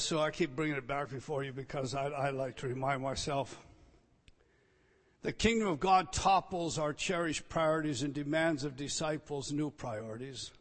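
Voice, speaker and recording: Emphatic male preacher delivering a sermon, slightly high voice, recorded with long reverb in a big hall. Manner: emphatic, swings between loud declarations and quiet asides. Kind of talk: expository sermon.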